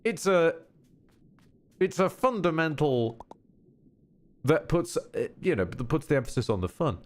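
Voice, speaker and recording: A man's voice: fairly high pitch, very animated, measured pace. A man streaming a game, chatting casually about it in a rambling way, with many restarts.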